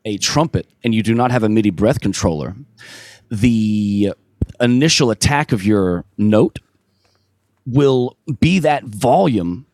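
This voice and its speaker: A man's voice: on the low side, lively intonation, unhurried, darkish tone, dry recording. A man, a streamer and musician, chatting casually in an interview, laid-back and rambling with many fillers and restarts.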